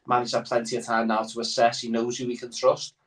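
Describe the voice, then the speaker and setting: A man's voice: mid-range voice, monotone, fast talker, fairly bright tone, faint music behind. A man chatting as a guest on a football podcast, rambling with many fillers. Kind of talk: casual football podcast chat. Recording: voice somewhat far from the mic.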